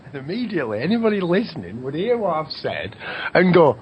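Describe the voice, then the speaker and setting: A man's voice: medium pitch, big pitch swings, a little slow, lo-fi sound, a little hiss or hum. A man hosting a radio show, rambling through a spiritual monologue, swearing now and then and slipping into mocking voices for other people.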